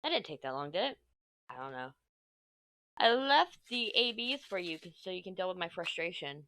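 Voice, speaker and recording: A woman's voice: lowish voice, big pitch swings, normal speed, fairly bright tone, no echo. A woman in her thirties from Texas with a mixed Texan and New York accent, chatting casually while crafting. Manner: chatty, rambling, swears casually. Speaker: crafting vlogger. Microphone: mic at desk.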